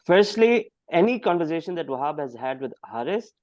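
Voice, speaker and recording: A man's voice: fairly high pitch, sing-song, brisk, darkish tone, dry recording, highs cut off. A man giving blunt, indignant cricket commentary in a podcast discussion. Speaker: cricket pundit.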